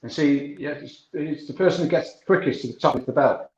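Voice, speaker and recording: A chatty man who laughs easily, his voice sitting a bit high. The sound is roomy and dull, with faint hiss underneath. He talks in a loose, casual way. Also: brisk, darkish tone. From Wales. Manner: chatty, laughs often, British slang. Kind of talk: casual chat.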